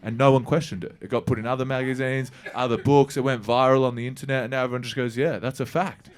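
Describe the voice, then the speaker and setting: A man's voice: mid-range voice, fairly even intonation, fast. A man, telling a rambling, profane stand-up story to a live audience. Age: 30s. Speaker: stand-up comedian. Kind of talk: stand-up set. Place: comedy venue with live audience.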